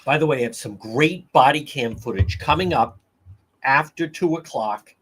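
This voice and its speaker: Husky, lively talk radio man. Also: mid-range voice, moderate pace. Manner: rambling, repeats phrases for emphasis. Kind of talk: live talk radio livestream.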